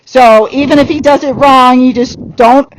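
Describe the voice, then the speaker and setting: High-pitched woman trainer; direct, upbeat coaching in an outdoor arena. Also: fairly even intonation, dry recording, low-quality recording. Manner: direct coaching with quick laughs. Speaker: horse trainer. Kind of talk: giving a riding lesson.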